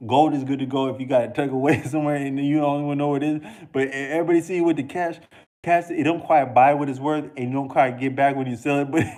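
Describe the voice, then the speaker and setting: A man's voice: medium pitch, steady tone, quick pace, a little mellow. A man talking straight to camera in a loose, rambling monologue, with slangy talk, frequent restarts and chuckles. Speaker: video creator.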